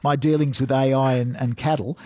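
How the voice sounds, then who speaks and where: A man's voice: mid-range voice, fairly even intonation, brisk, darkish tone, a little hiss or hum. A man with an Australian accent hosting a radio quiz and chat show, playful and teasing. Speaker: radio host.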